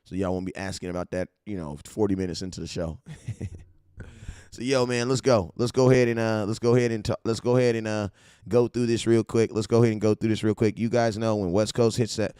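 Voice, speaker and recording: A man from California hosting a casual fan-show livestream, hyped and slangy as he shouts out his viewers. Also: on the low side, steady tone, brisk, clean tone, no echo, studio quality. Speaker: livestream host.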